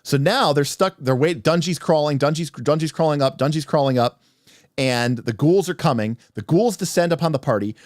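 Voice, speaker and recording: A man narrating a tabletop game story on a livestream as game master, animated and rambling with restarts. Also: fairly high pitch, moderate pace, no echo, clean studio sound.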